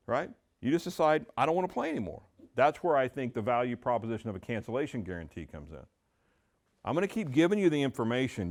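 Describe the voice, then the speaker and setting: A middle-aged man giving a training talk to real estate agents, telling stories and acting out the dialogue. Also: medium pitch. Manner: animated storytelling, acting out dialogue.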